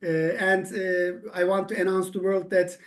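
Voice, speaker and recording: A man whose first language is Turkish hosts an online awards ceremony. He speaks in a friendly but hesitant way, pausing often on fillers. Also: high voice, monotone.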